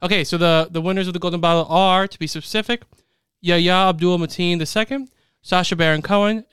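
A young man with a smooth, fairly high voice, recorded dry and close, hosts a casual podcast. He is playful and laughs often as he reads out lists of nominees. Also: a bit bright, no room sound. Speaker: podcast co-host announcing awards.

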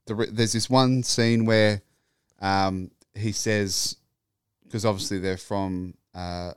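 A man's voice: on the low side, fairly even intonation, slow, smooth, dry recording, studio quality. A man co-hosting a casual podcast chat, talking in a rambling, laid-back way. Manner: rambling, full of fillers and restarts, laughs often. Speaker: podcast co-host.

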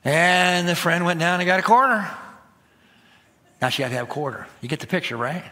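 Middle-aged man, pastor, sermon, animated storyteller, bright forceful voice, slightly high pitch. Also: brisk.

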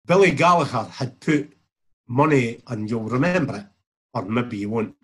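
Husky Scottish man spinning a yarn. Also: medium pitch, animated, moderate pace. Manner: rambling, chuckling, quotes others in reported speech. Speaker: guest, former footballer. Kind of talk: casual anecdotal storytelling.

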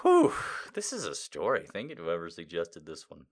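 Bright, animated man riffing on a story. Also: deep voice, fairly quick, slightly rough. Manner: incredulous, profane asides, frequent laughing. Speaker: comedy reader. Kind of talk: comedic reading with asides.

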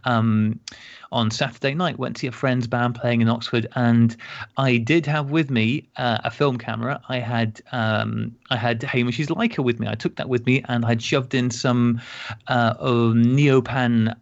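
An English man with a gravelly, creaky voice chats as a podcast co-host. He jokes, laughs and stops often on fillers. The recording sounds a little dull and lo-fi. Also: medium pitch, fairly even intonation. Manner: joking, laughing, halting with fillers. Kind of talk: casual chat.

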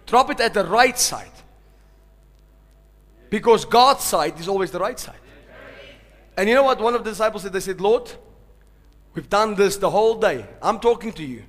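A male pastor preaching a sermon, swinging from hushed, slow lines to loud shouted peaks, and calling out to the congregation. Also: high voice, lively intonation. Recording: long hall reverb.

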